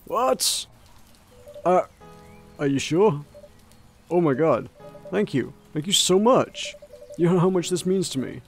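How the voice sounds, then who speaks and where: A man voicing a scruffy, humble homeless man in a video game with a low, mumbling hobo voice. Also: animated, takes it slowly, pauses often, faint music behind. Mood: grateful.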